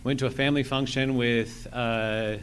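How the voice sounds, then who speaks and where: A man from Texas sharing a story from the audience at a live podcast taping. He hesitates and fills pauses with "um" and "uh." Faint ambience surrounds him. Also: medium pitch, steady tone, a bit bright, slight background noise. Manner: hesitant, filler-heavy. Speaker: audience member. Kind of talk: casual sharing at a live show.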